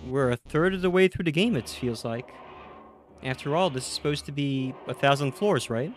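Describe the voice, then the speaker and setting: A man live-streaming a horror game, chatting with his viewers, tired after a night with little sleep, and jumping to loud excitement at the scares. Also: mid-range voice, normal speed.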